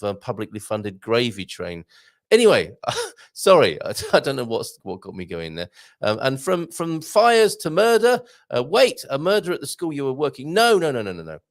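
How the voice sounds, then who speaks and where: Male host, rambling and chatty; gravelly voice, very lively intonation. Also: mid-range voice. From England. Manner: rambling, self-interrupting, chatty with bursts of excitement. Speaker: host reading viewer comments. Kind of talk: casual livestream chat.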